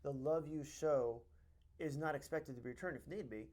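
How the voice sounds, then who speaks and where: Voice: mid-range voice, moderate pace, a little mellow. An interviewer who chimes in often with agreement and praise for the guest. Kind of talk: casual interview.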